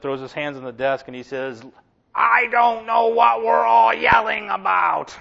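A middle-aged man preacher giving a conversational sermon, humorous and animated, with many asides. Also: medium pitch, muffled recording.

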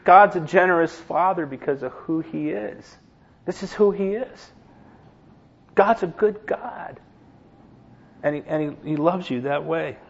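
A man's voice: a little high, unhurried, creaky, long pauses. A man in his sixties preaching a sermon, telling everyday stories with humorous asides. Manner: conversational storytelling with humorous asides. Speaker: pastor. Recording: dull lo-fi recording.

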